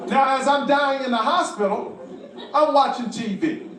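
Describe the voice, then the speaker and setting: A male stand-up comedian telling a story with animated delivery, acting out other people's voices and swearing freely. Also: very high voice, moderate pace, some chatter behind. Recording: roomy, distant and noisy.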